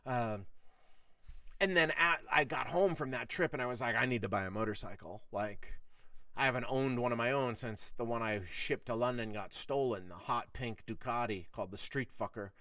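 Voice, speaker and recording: A man's voice: medium pitch, moderate pace, dry recording, recorded from a distance. A middle-aged man telling a long story in casual monologue, swearing freely and acting out heated arguments. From United States. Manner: profane, animated, acts out heated quotes. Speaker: podcast host.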